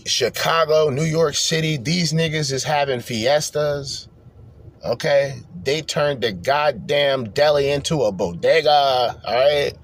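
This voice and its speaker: A man hosting a podcast, ranting profanely as he reacts to video clips in bursts of loud, rambling talk. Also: on the high side, a little slow, a little hiss or hum. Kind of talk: profane reaction commentary rant.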